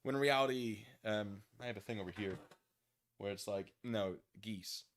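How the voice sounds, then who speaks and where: A man's voice: on the low side, steady tone, measured pace, a little hiss or hum. A man streaming, telling a story casually and acting out quoted people in silly voices.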